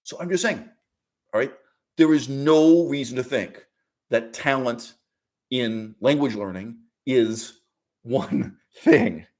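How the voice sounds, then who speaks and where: Slow and a little mellow, this man's voice carries an opinionated monologue on his own channel. He argues emphatically with hard stresses, sudden pitch jumps and mock quotes, restarting often, using fillers and laughing briefly as he talks.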